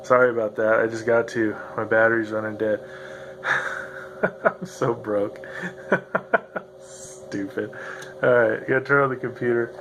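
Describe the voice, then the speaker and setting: A man's voice: mid-range voice, level tone, measured pace, pauses often, a bit bright, a little hiss or hum. A man hosting a rambling solo podcast, loose and profane, who laughs often as he talks. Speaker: podcast host. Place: home room with a noisy computer. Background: grinding computer fan.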